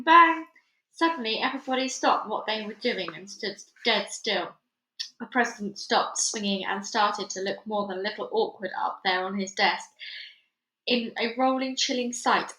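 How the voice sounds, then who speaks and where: A woman reading a children's novel aloud, lively and expressive, acting out the sound effects. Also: medium pitch, echoey room, poor audio. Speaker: reader. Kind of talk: children's book read-aloud.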